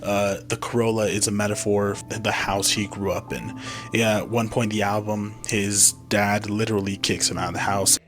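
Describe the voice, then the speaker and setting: A man's voice: fairly low pitch, flat delivery, normal speed. A young man giving blunt, self-mocking commentary as a music reviewer in a casual vlog.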